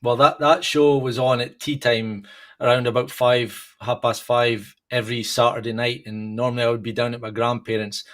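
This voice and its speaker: A man's voice: medium pitch, level tone, moderate pace, a bit bright. A man in his thirties co-hosting a podcast, chatting casually and rambling with many restarts. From United Kingdom. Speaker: podcast co-host. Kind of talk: casual chat.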